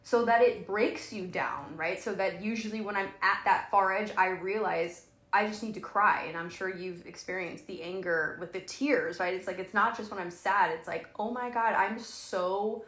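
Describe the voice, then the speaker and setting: A woman's voice: mid-range voice, moderate pace, hardly any pauses, fairly bright tone. Candid laughing woman in an echoey room. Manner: candid and laughing, trailing off and restarting, with frequent swearing. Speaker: podcast co-host. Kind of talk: casual conversational podcast chat.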